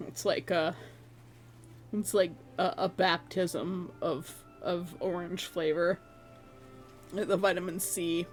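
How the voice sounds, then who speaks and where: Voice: medium pitch, fairly even intonation, slow pace, long pauses, soft background music. A livestreamer from Canada, casually chatting with viewers in a rambling, joking way and swearing offhandedly.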